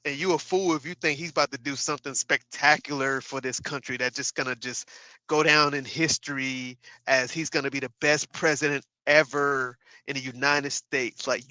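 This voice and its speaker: Brief: male streamer, profane emphatic rant, bright voice, dry close sound. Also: medium pitch, dry recording. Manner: profane, emphatic ranting with repeated asides to viewers. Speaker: livestreamer. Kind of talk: casual livestream commentary.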